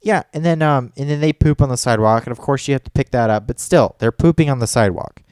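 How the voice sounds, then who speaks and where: A man's voice: mid-range voice, quick pace, darkish tone, clear, resonant tone, no echo, studio quality. A man telling a story in casual chat as a podcast co-host, rambling and profane, full of fillers and restarts.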